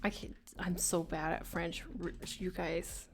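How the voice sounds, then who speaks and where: A woman's voice: on the low side, flat delivery, measured pace, creaky, soft background music. A woman streaming live as she draws, chatting casually with her viewers, laughing often and joking at her own expense. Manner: chatty, self-mocking, laughs often, drops to mutters. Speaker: art streamer. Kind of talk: casual live-stream chat while drawing.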